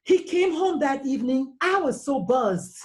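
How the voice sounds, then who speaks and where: A woman's voice: high-pitched, expressive, unhurried. A woman speaking as a podcast guest in a casual discussion, impassioned and blunt, firing emphatic questions.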